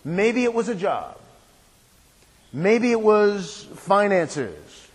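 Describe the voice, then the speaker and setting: A man's voice: high voice, sing-song, drawn-out words, husky. A man preaching a sermon as a pastor, repeating his phrases and asking the congregation rhetorical questions. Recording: long hall reverb.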